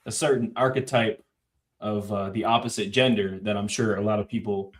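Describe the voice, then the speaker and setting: A man co-hosting a casual sports podcast, talking in a relaxed, slangy way with drawn-out fillers. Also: fairly low pitch. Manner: laid-back, slangy, drawn-out filler words. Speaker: podcast co-host.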